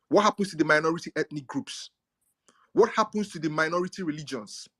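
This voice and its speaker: A man's voice: a little high, fairly bright tone. A man explaining politics in a lecturing, emphatic way, repeating key words to stress them. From Nigeria. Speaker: speaker in a live audio chat room. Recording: audio chat stream.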